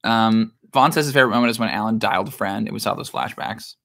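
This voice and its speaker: A young man hosting a casual livestream Q&A, chatty and animated, reading viewer comments aloud and laughing often. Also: fairly low pitch, fast, vocal fry. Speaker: show creator and host.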